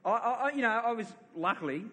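A man's voice: very high-pitched, expressive, quick pace, bright, forceful tone. A man, middle-aged, preaching a sermon as a pastor, telling a story with many repeated words and laughing at himself. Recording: long reverb of a large hall.

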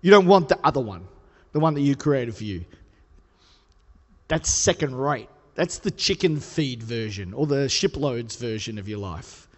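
A man preaching a sermon in a conversational, playful way, building to emphatic highs. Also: animated, a little slow. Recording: hall reverb.

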